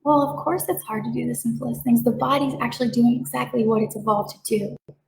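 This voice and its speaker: A woman giving a calm, reassuring talk as a reiki practitioner, with playful voiced asides. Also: a little high, a little fast, gravelly, echoey room, poor audio. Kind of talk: gentle explanatory talk.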